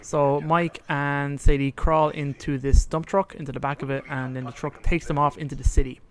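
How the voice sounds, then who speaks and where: This podcast co-host has a fairly high voice that stays mostly level, and he talks at a normal speed. He recounts a story in an easygoing chat, acting out what people said.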